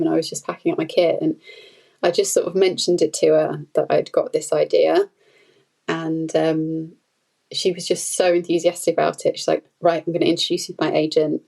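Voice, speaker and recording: A woman's voice: low-pitched, creaky, a little mellow, low-quality recording. A woman talking casually as a podcast guest, chatty and rambling with many fillers and light laughter. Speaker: podcast guest, food photographer. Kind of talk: casual conversational interview.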